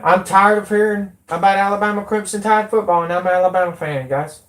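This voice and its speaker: A woman's voice: mid-range voice, fairly even intonation, brisk. Angry woman ranting. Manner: angry, profane, shouting in bursts. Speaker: YouTube commentator. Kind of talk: angry political rant.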